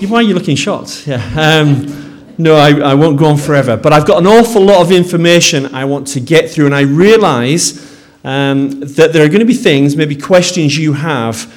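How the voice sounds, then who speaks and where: A man's voice: on the high side, moderate pace, hardly any pauses. A man with a Yorkshire accent, a pastor speaking to a congregation in a sermon, friendly and self-deprecating with some hesitations.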